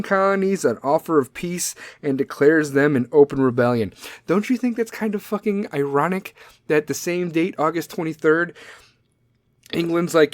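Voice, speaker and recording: A man's voice: fairly high pitch, animated, moderate pace, no echo, clean studio sound. Profane sarcastic man riffing. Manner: sarcastic, profane, laughs at own jokes. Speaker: podcast host. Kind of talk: casual profane history riff.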